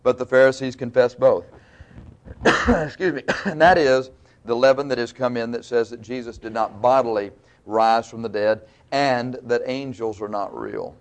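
A man preaching a sermon in a folksy, conversational way, teaching verse by verse with asides to the congregation. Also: mid-range voice.

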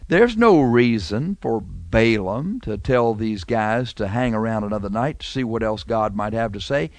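A man's voice: on the low side, animated, unhurried, no room sound. A man preaching a sermon in a conversational way, asking rhetorical questions and making wry asides.

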